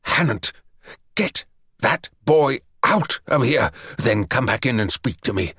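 A man's voice: medium pitch, lively intonation, slow, fairly bright tone, husky, no echo, studio quality, exaggerated voice. A man voicing an older, pompous male headmaster with a haughty, condescending drawl. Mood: irritated.

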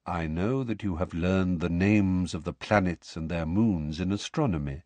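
Brief: calm, lofty male centaur teacher, low and unhurried, disdainful of humans, voiced by a male audiobook narrator. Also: dry recording, natural voice. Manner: calm, measured, quietly disdainful.

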